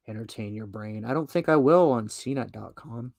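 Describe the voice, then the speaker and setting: A man's voice: medium pitch, normal speed, creaky, hardly any pauses, a little mellow, no room sound, clean studio sound. A man hosting a podcast who reads an article aloud and comments on it in a rambling, profane way. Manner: profane, rambling, full of fillers and asides. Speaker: podcast host.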